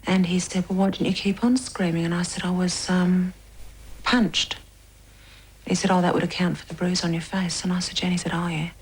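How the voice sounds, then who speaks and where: A woman giving documentary interview testimony, recounting quietly and sometimes dropping almost to a whisper. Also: on the low side, flat delivery, moderate pace, slightly rough, poor audio. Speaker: interviewee recounting police questioning.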